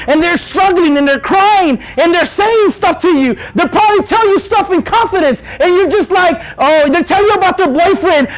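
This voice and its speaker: A young man preaching to youth, animated and joking, rising to shouts as he pleads. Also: very high-pitched, low-quality recording. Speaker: youth pastor. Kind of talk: youth sermon.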